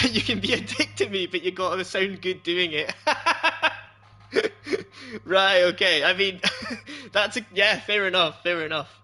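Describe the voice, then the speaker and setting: Young Scottish streamer, fairly high, gravelly voice, loose rambling chat to viewers. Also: male voice, pushed and bright. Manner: rambling, loose and laughing often, chatting to viewers. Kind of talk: casual chat while streaming a game.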